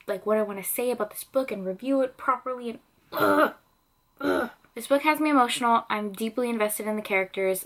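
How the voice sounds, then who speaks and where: A young woman in a reading vlog, tearful and rambling, repeating herself and swearing as she talks about a book. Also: medium pitch. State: tearful, crying. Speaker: book vlogger. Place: at home, indoors.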